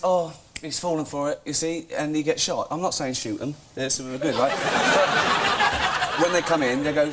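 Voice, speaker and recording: A man's voice: on the high side, brisk, noisy background. An English man in his thirties giving a blunt, mock-ignorant comic news monologue. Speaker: comedy news presenter.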